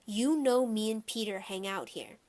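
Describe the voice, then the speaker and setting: A woman's voice: medium pitch, moderate pace, a little mellow, lightly acted. A woman voicing an easygoing schoolboy with a laid-back manner. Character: easygoing schoolboy, the hero's best friend.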